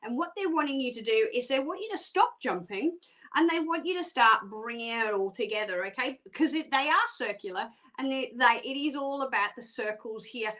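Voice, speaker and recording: A woman's voice: a little high, animated, normal speed, sharp tone. An Australian woman presenting a live-stream psychic reading, bubbly, chatty and jokey.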